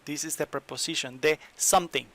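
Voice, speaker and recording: A man teaching in an online lesson, English, explaining slowly and repeating examples. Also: fairly high pitch, sharp tone. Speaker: Spanish teacher.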